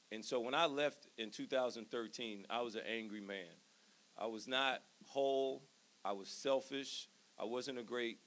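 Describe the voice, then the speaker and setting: A man's voice: medium pitch, fairly bright tone. A man in his thirties giving an earnest, emphatic induction speech from a ceremony stage. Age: 30s. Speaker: hall of fame inductee.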